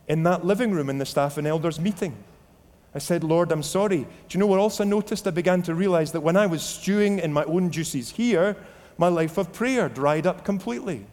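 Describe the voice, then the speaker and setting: In a fairly high, a little mellow voice, a pastor from Scotland with a Scottish accent delivers a sermon of personal testimony. His manner is earnest and reflective, with quoted inner dialogue, all under long hall reverb.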